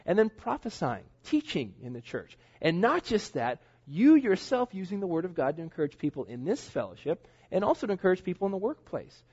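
A man's voice: sits high, sing-song, brisk, few pauses, a little mellow, slightly rough. A middle-aged man preaching a sermon in a church as pastor, earnest and conversational, with casual asides. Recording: dull lo-fi church recording.

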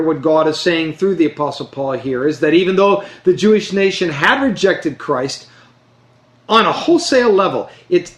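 A man preaching a sermon, earnest and emphatic, slowing down to stress key phrases. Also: fairly high pitch. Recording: roomy echo.

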